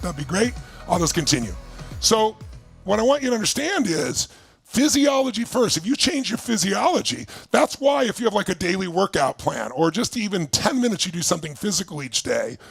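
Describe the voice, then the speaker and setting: A man leading an energetic motivational coaching session for an online audience, firing off questions and swinging between loud bursts and low, quiet stretches. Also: vocal fry, slightly rough, no room sound, studio quality. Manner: emphatic, leads exercises with rapid questions, swings from loud to low. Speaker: motivational speaker. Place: indoors, streaming to a video call audience.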